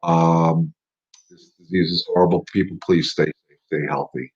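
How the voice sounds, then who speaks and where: This middle-aged host has a low, slightly rough voice with fairly even intonation and an unhurried delivery. He leads a live dog-training Q&A in casual stream style, emphatic and repetitive as he coaches, and the audio is dull.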